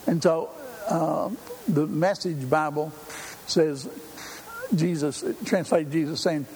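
A man's voice: fairly high pitch, fairly even intonation, takes it slowly, a little mellow. An older man preaching a sermon in a folksy, conversational way, with frequent fillers. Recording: hall reverb, faint room noise.

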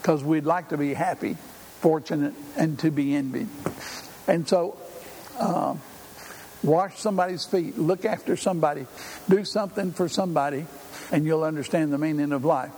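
A man's voice: on the high side, moderate pace, darkish tone. An older man preaching a sermon in a folksy, conversational way, with frequent fillers. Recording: hall reverb, faint room noise.

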